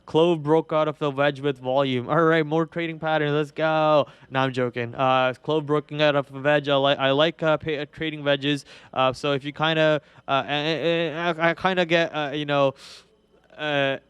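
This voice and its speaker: A man's voice: a little high, little pitch movement, normal speed, fairly bright tone, clean tone, no echo, highs cut off. A young man with an Indian accent hosts a live trading show, talking casually through charts with lots of fillers and restarts. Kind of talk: live market commentary.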